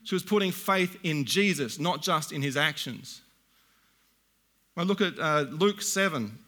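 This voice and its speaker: A middle-aged man delivering a sermon in a bright, slightly higher voice. He reads scripture slowly and deliberately, then breaks into plain, conversational asides to his listeners. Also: expressive. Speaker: preacher.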